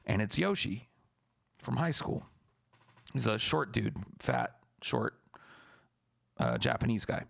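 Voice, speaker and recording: A man's voice: medium pitch, gravelly, fairly bright tone. A young man streaming, telling a story casually and talking back to his chat in a profane, blunt, laid-back way.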